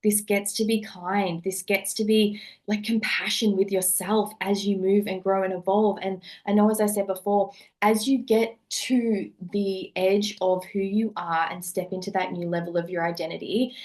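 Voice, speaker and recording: A woman's voice: medium pitch, little pitch movement, normal speed, hardly any pauses, a little mellow. A woman neuropsychologist and coach, a podcast guest, speaking earnestly and repeating phrases for emphasis. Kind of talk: podcast conversation.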